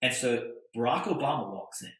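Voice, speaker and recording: A man, a podcast guest, telling a story in a casual, animated way, with stammered restarts and tag questions. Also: medium pitch, moderate pace, heavy reverb, rough recording. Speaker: podcast guest, attorney and entrepreneur.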